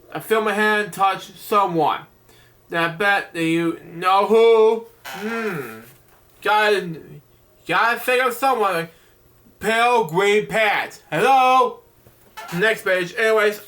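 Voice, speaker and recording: A man with a high, bright voice reads a bedtime picture book aloud. He trips over words, restarts lines and keeps breaking off to chat about the story in a loose, offhand way. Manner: halting, stumbles and restarts words, chatty side comments. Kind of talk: reading a children's book aloud with casual asides.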